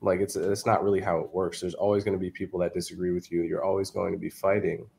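A man with a very low, gravelly voice speaks as a guest in a discussion. He stumbles and repeats words before landing his points firmly. His tone is low and rough throughout. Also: level tone, darkish tone, slight background noise. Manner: halting, repeats words, emphatic. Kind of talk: casual discussion.

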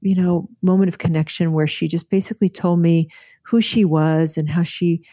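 A woman's voice: lowish voice, fairly even intonation, moderate pace, warm tone, no room sound, studio quality. A woman physician and author telling a personal story in an interview, earnest and vivid, often restarting her sentences.

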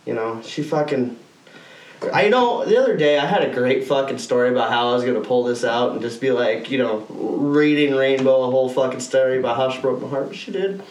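A man's voice: medium pitch, expressive, a little fast, roomy sound, far from the mic, poor audio. A man co-hosting a podcast, telling rambling, profane stories in casual chat and laughing often. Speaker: podcast co-host.

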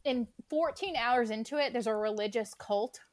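A woman's voice: on the high side, moderate pace, no echo. A young woman co-hosting a casual podcast, ranting about a movie with swearing and acted-out quotes. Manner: animated, swears, acts out scenes. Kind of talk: casual chat, movie rant.

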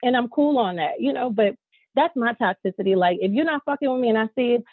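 A woman co-host in her thirties talks openly and from the heart. Her voice is slightly raised and husky. The sound is dry and tinny, like a phone line. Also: on the high side, lively intonation, fast talker, dry recording. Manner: candid, emotional, tearful at times. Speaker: podcast co-host. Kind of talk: casual chat.

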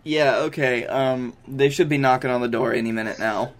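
A man's voice: mid-range voice, normal speed, noisy background. A man co-hosting a comedy podcast who plays it straight. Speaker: podcast co-host.

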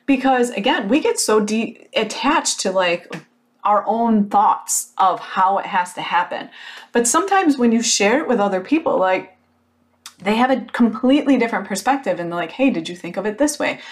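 A woman speaks to her audience in a casual motivational talk, telling the story with animated emphasis and filling it with "like." She is blunt and unfiltered and does not mind a curse word now and then. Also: medium pitch, normal speed. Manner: blunt, occasional swearing.

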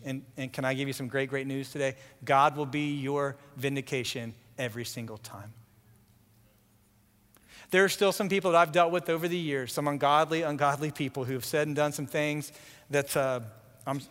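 High bright-voiced male preacher. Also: in a large hall. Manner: animated, acts out quoted voices, repeats words. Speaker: pastor. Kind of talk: sermon.

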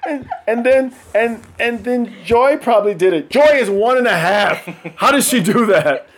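A middle-aged man telling animated stories in casual podcast chat, often acting out voices and laughing. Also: very high voice, moderate pace. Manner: animated, acts out voices of his kids and himself, laughs often. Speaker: podcast guest.

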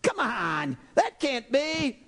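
A male pastor preaching a sermon, animated and exclaiming, acting out voices from the story. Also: very high voice, takes it slowly.

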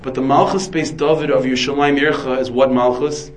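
A man's voice: mid-range voice, steady tone, a little fast, low-quality recording. A man, a rabbi, giving a Torah lecture full of Hebrew terms, asking and answering his own questions. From United States. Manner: dense with Hebrew and Yiddish terms.

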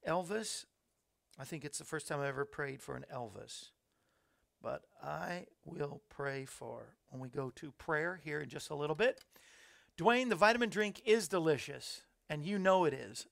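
With a fairly high, a bit bright voice, lively intonation and vocal fry, a man talks a little slowly while hosting a casual live stream. He reads viewer comments and adds upbeat remarks from a small studio under hot lights, on a studio mic.

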